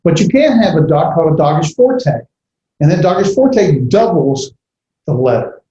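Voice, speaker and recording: A man lecturing a class, talking in a halting way with many fillers and restarts as he sounds out letters slowly. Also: on the high side, sing-song, warm tone. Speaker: Bible language teacher. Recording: roomy, dull lo-fi classroom recording with faint hiss.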